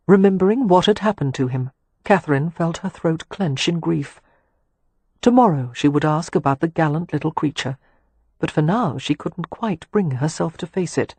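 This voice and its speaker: A woman reads a romance novel aloud in a calm, measured way. Her voice is low-pitched and slightly breathy. The recording is dry and close to the mic. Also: dry recording. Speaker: audiobook narrator. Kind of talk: scripted narration.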